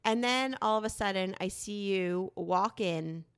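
A woman's voice: mid-range voice, measured pace, clear, resonant tone. A woman in her thirties in casual chat with her husband, telling a story with lots of swearing. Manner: animated storytelling, frequent swearing. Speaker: podcast co-host.

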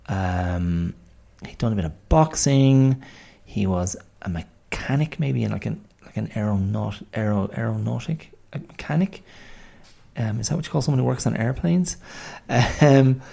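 A man's voice: medium pitch, creaky, darkish tone. A man in his forties, hosting a podcast in a rambling, self-deprecating, chatty monologue. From Ireland. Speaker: podcast host. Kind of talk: casual monologue.

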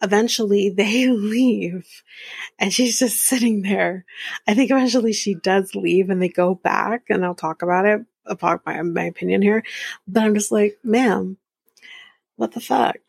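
Husky gravelly woman doing a blunt podcast recap, fed up and cussing, dry close mic. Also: mid-range voice, moderate pace, no room sound. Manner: blunt, exasperated, swears freely. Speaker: podcast host recapping a reality show. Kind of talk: casual recap commentary.

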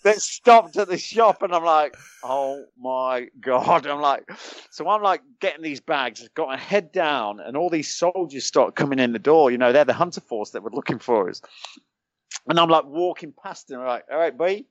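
British man telling lively war stories. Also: on the high side, moderate pace, no room sound, highs cut off. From United Kingdom. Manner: animated anecdotes, chuckles often, many restarts. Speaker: podcast guest, former special forces soldier. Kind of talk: casual storytelling.

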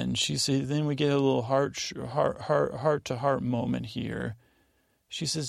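Male podcast host, heavy vocal fry, mid pitch; meandering bedtime monologue full of asides and restarts. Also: flat delivery, normal speed, no echo, studio quality. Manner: meandering, digressive, with many fillers and self-corrections. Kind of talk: rambling bedtime podcast recap.

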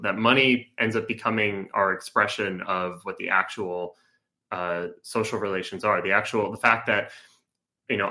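Halting man with a bright voice. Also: low-pitched. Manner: halting, many fillers and restarts. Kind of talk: casual political discussion.

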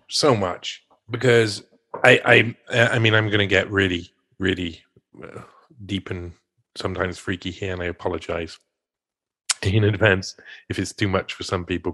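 A man hosting a conversational interview, telling personal stories with halting, stammering restarts. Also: low-pitched, fairly bright tone.

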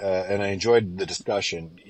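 A man's voice: sits low, steady tone, a little fast, breathy edge, no room sound. A man phoning into a podcast, praising something with dry sarcasm. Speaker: caller. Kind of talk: call-in comment.

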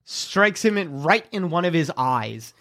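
A man running a tabletop game as game master, narrating the fight in quick bursts and laughing at his own descriptions. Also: a little high, sing-song, pushed and bright.

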